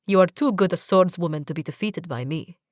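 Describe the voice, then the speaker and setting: A woman's voice: on the low side, fairly quick, darkish tone, no echo, clean studio sound, natural voice. A woman doing a teasing young prince. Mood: playful.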